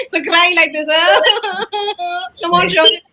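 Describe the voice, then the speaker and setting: Bright, high-voiced woman teacher. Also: steady tone, brisk, slight background noise. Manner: encouraging, laughing often, coaxing a child. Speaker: teacher in a recorded demo class. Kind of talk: animated kids' online class.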